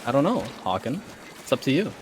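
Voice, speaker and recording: A man's voice: mid-range voice, big pitch swings, fast, noisy background. A man chatting playfully while playing a video game on stream, teasing his co-player and laughing often. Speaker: guest co-player. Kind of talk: casual gaming banter on stream.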